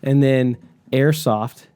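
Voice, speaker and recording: Mellow-voiced young man, rambling chat. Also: medium pitch, very slow. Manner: rambling, swears freely, laughs often. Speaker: podcast co-host. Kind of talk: casual chat.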